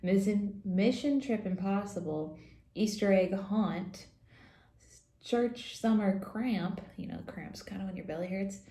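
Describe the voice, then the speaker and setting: A woman teaching Sunday school who reads a silly picture book aloud to children, playful and quick to giggle. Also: mid-range voice, dark tone. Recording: roomy echo.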